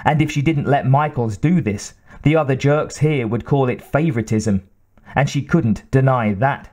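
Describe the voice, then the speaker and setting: A man narrating an audiobook in a measured reading style. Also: medium pitch, warm tone. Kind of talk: scripted narration.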